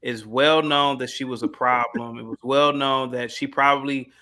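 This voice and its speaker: Bright-voiced, emphatic male podcast guest. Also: medium pitch, steady tone, normal speed. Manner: emphatic, profane, storytelling. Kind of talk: casual podcast chat.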